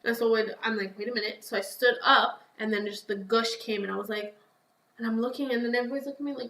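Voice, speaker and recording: A woman telling a personal story as a podcast guest in a chatty, animated way, acting out her own past lines. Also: fairly high pitch, quick pace, roomy sound, rough recording. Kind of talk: casual storytelling.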